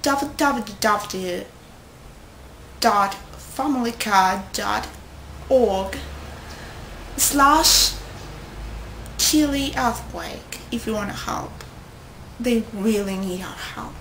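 A young woman vlogging casually to her friends, rambling and excitable, often stopping to correct herself. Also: mid-range voice, slight background noise. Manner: rambling, excitable, with self-interruptions. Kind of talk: casual chat to camera. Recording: echoey room.

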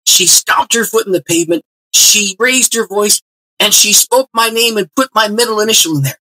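A man with a high-pitched voice and a moderate pace appears as a guest pastor on an interview show. Lively and expressive, he acts out the dialogue of a personal story, though the audio is poor.

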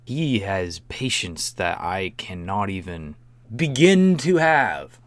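A man's voice: sits low, very animated, slow pace, no room sound. A man commenting casually on a video, joking, swearing and laughing often. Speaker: reaction video host.

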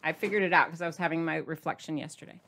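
A woman talking straight to her viewers in a casual vlog, chatty and playful, with sudden jumps in pitch for emphasis. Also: fairly even intonation, rapid-fire, pushed and bright. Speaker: diet vlogger addressing viewers.

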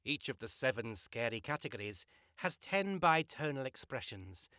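Brief: a man narrating a spot in a playful, theatrical way, with a lively pitch and a dry close sound. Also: normal speed, no room sound, muffled recording. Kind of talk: scripted promotional voice-over.

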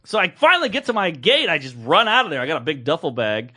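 A man's voice: on the high side, fast, husky. A man co-hosting a podcast, telling a crude comic story in casual chat and acting out the people in it. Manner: animated, crude, acts out voices in anecdotes. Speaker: podcast co-host.

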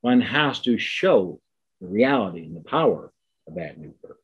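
An older man giving an academic lecture, emphatic, repeating key words and slowing down to stress them. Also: fairly low pitch, huge pitch swings, creaky, slightly rough, muffled recording.

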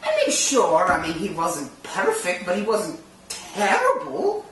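A woman's voice: huge pitch swings, unhurried. A woman playing a grumpy, theatrical centuries-old vampire count who hosts a horror review show, with an exasperated, sarcastic way of ranting. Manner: exasperated, sarcastic, wildly swinging pitch. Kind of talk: comic in-character rant. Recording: very echoey room, distant mic, faint noise.

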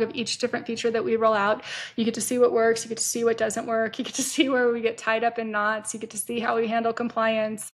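A woman hosting her own podcast as an entrepreneur, talking candidly and casually and swearing freely. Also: fairly high pitch. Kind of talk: solo podcast monologue.

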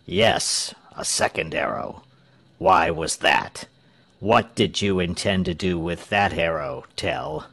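A man's voice: low voice, lively intonation, takes it slowly, creaky, fairly bright tone, no echo, exaggerated voice. A man reading a storybook, voicing a stern male tyrant governor who speaks in a cold, commanding way. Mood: probing.

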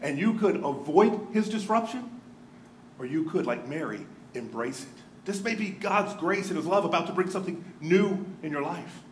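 A man preaching a sermon as pastor, earnest, dropping to a hush and then rising to emphasis. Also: fairly high pitch, lively intonation, normal speed, a little hiss or hum. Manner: earnest, swings from hushed to emphatic. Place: church sanctuary. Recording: roomy church hall.

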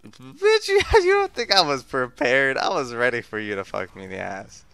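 A young man giving profane play-by-play while gaming, muttering low and then yelling and trash-talking his teammates. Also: huge pitch swings, a little fast, creaky, clean tone. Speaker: gamer streaming his play. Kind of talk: profane gameplay commentary.

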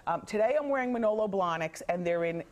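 A woman's voice: medium pitch, animated, fast talker, muffled recording. A woman who hosts her own talk show, chatting as a guest in a TV news studio, emphatic and opinionated with a playful edge. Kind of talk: casual studio chat.

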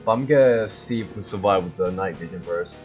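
A man's voice: sits low, a little fast, soft background music. A man casually commenting while he plays a game, laughing often and breaking into panicky repeated cries when he is chased. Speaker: gaming video host. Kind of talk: casual let's-play commentary.

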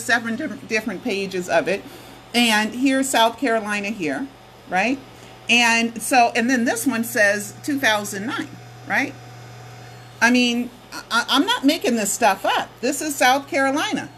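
Her voice is on the high side, bright and forceful, and she speaks a little slowly as she vlogs to her camera from home. A conspiracy documentary vlogger, she talks casually but insistently, repeating herself and saying "okay" and "right" a lot. A faint hiss or hum runs underneath.

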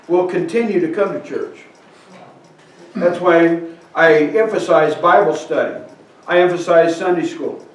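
A man preaching a sermon, reading scripture aloud and asking the congregation questions. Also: high voice. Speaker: pastor. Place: church sanctuary. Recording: echoey church hall, from far off.

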